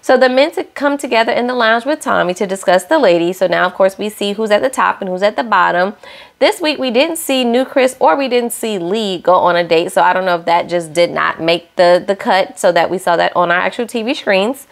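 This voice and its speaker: A woman's voice: medium pitch, expressive, brisk, creaky. A young woman hosting a casual reality-show recap, sassy and opinionated, scolding the cast directly.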